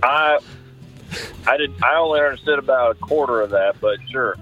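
A cocky caller who loves his big truck, played by a man in a comedy sketch. He talks in a laid-back, put-on drawl at a middling pitch. Faint music runs underneath. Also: moderate pace, phone-quality sound, lightly acted. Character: brash Texan truck-loving man, a caller.

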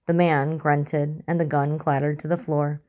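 A woman narrating a story in an even, measured reading style. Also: low voice. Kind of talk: audiobook reading of fiction.

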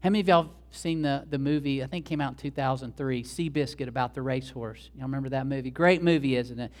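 A man's voice: medium pitch, fast talker, a little mellow. A male pastor giving a sermon, telling a story in a conversational way with asides to the congregation.

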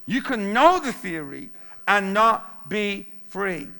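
A man's voice: high-pitched, big pitch swings, takes it slowly, pushed and bright. A male pastor preaching a sermon in an emphatic way, repeating key phrases for weight.

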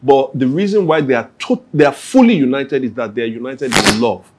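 A man's voice: medium pitch, lively intonation, a little fast, background noise. Man in a church Q&A. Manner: conversational, acts out everyday scenes with little quoted voices. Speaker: church speaker answering questions. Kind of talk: Q&A talk.

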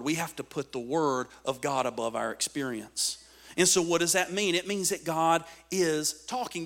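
A man preaching a sermon with dynamic swings between loud emphatic lines and hushed asides. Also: high voice. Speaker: pastor.

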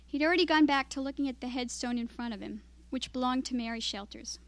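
A woman with a high, light voice reads her own first-person story aloud at a writers' evening. Her delivery is steady and measured, carrying the narration evenly. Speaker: writer reading her work. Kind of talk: reading fiction aloud. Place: literary reading event.

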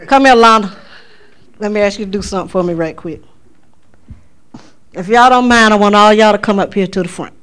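A woman, telling a testimony in church, her voice climbing high when she quotes herself. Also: fairly quick, pauses often. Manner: animated storytelling, voice climbing high for quoted exclamations. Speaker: speaker giving a testimony at church. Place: church sanctuary.

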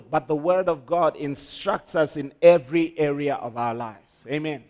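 A man's voice: fairly high pitch, normal speed, darkish tone. A man preaching a sermon, emphatic, with call-and-response to the congregation. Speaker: pastor.

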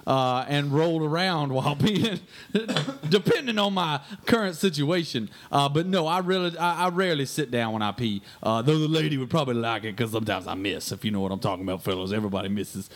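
Man as a brash redneck fishing guide, crude, rambling, higher voice. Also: fairly quick, lightly acted. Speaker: guest fishing guide on a radio show. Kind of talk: comedy radio sketch.

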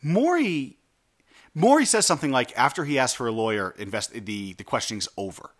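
A man's voice: medium pitch, animated, fairly quick. A man co-hosting a casual TV recap chat, talking in a loose, profane and analytical way with many fillers.

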